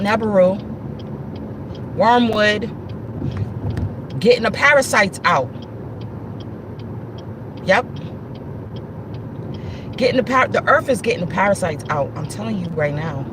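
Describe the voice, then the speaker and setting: A woman's voice: lowish voice, noisy background. Emphatic woman talking to her viewers. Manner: emphatic, repetitive, addresses viewers directly. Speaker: livestream host. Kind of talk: casual spiritual livestream talk.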